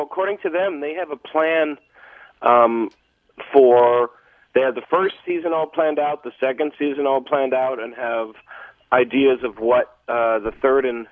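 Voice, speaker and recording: A hoarse man calls in over a tinny phone line and rambles hesitantly as a TV critic. The sound is dry and close, with no room around it. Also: medium pitch, no room sound. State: losing his voice. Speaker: TV critic guest. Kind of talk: phone interview.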